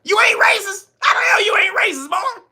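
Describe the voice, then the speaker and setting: A man putting on the voice of an angry accuser who shouts and scolds in a high, mocking pitch. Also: slow, full character voice. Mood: outraged.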